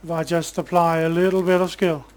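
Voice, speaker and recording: A man commentating his own gameplay in a relaxed, casual way, bantering sarcastically with game characters and swearing when annoyed. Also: a little high, a little fast. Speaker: gamer streamer.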